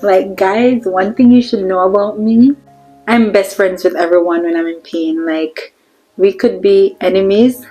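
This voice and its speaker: A young woman with a Jamaican accent tells a personal story in a chatty vlog. She talks straight to her viewers at a mid-range pitch, with soft music faintly underneath. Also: steady tone, unhurried, poor audio. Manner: chatty, addresses viewers directly. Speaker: vlogger.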